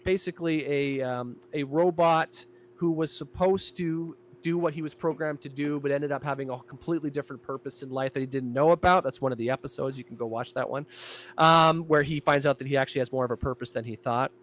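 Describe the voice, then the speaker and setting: A man in casual podcast chat, describing his own show in an animated way. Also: fairly high pitch, brisk. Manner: animated, jumping into character voices.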